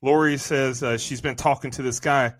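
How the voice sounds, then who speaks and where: A man's voice: medium pitch, steady tone, normal speed, no room sound. Male podcast co-host, mid-range voice, profane exasperated ranting, dry close mic. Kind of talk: casual movie review chat.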